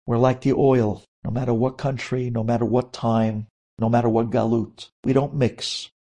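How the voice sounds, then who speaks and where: Husky, gravelly rabbi telling a story. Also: male voice, mid-range voice, little pitch movement, normal speed. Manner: dramatic, swings between hushed and emphatic. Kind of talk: dramatic storytelling.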